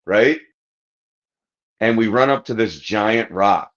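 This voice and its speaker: A man with a low-pitched voice tells a rambling, crude story in casual podcast chat. He acts out the other people's lines as he goes. The audio is dull and lo-fi. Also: normal speed. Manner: crude, rambling anecdote with acted-out quotes. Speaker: podcast host.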